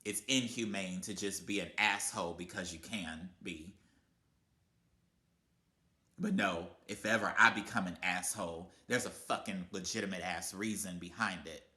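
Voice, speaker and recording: A man with a fairly low, bright and forceful voice delivers a profane motivational rant. He talks bluntly and heatedly, cursing at every turn, and his voice rings in an echoey room. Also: normal speed. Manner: blunt, heated, swearing constantly. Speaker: vlogger.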